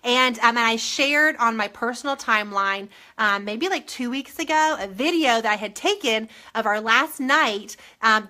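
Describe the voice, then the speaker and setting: A middle-aged woman, a former English teacher gushing over books in a casual show-and-tell, full of ums. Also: fairly high pitch. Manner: gushing, excitable, many ums.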